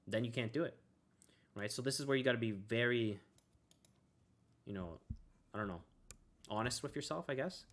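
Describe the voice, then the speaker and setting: Relaxed and meandering, this man hosts a self-help video, asking "right?" after almost every point and occasionally dropping a "bro" or a swear word. His voice is mid-range with a fairly bright tone.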